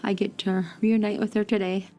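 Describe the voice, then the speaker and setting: A woman's voice: mid-range voice, flat delivery, fairly quick, mellow, faint music behind. A woman, an aunt, speaking emotionally and eagerly in an interview.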